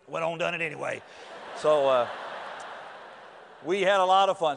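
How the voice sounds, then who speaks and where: Middle-aged pastor, folksy storytelling, fairly high gravelly voice, long hall reverb. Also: male voice, a little fast, long pauses, fairly bright tone. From North Carolina. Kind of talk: sermon with humorous stories. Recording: echoey hall.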